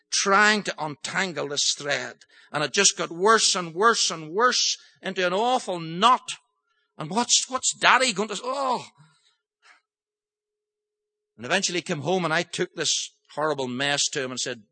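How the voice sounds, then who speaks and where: An older male preacher gives an impassioned sermon. His voice is bright and sharp, sitting a touch high, and he moves from storytelling to forceful pleading. The recording is dry and close, with no room sound. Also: dry recording.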